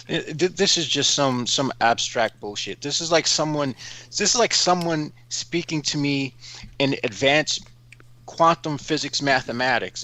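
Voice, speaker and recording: A man's voice: medium pitch, unhurried, sharp tone. A man cohosting a livestream, reading an article aloud and breaking off with blunt, profane commentary. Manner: blunt, swears freely, scoffing.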